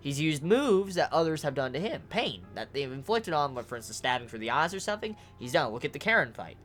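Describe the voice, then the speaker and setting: A manga reviewer giving casual video commentary, ranting excitably with lots of swearing and stuttered repeats. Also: medium pitch, fast, faint music behind.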